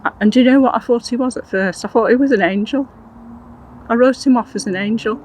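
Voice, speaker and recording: An older woman recounting her personal experiences in an interview, in an earnest, halting way with many restarts. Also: on the high side, darkish tone, rough recording. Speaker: interview guest.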